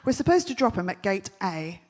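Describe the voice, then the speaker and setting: A woman giving a comic keynote talk on stage, telling punchy stories with quick, brash jokes. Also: medium pitch, big pitch swings. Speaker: festival speaker. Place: large event stage.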